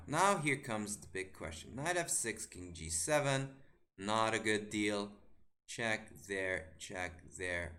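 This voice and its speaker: A man commentates a chess game live on stream with a bright, ringing voice that swoops widely in pitch. He speaks slowly, muttering move sequences half to himself and tossing exasperated rhetorical questions at the board. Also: gravelly, slight background noise.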